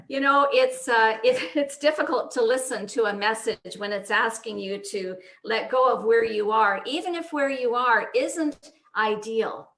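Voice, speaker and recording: A woman in her sixties preaching as a guest minister over a video call. She tells the story slowly and easily, pausing often. Her voice is bright and a little high. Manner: warm storyteller, breaks off to fix screen sharing with soft laughs. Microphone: video call microphone.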